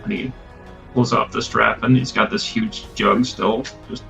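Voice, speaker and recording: Gravelly man narrating a tabletop game. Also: mid-range voice, unhurried. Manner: relaxed, filler-heavy narration. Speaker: game master. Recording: lo-fi with faint music.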